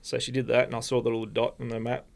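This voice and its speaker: An Australian man, a podcast guest, telling a personal story in a halting, rambling way with many restarts. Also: mid-range voice, monotone, gravelly. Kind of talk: casual storytelling.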